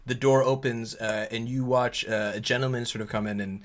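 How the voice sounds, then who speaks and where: A man's voice: mid-range voice, fairly even intonation, brisk. A man running a tabletop game as game master, joking and rambling with many fillers.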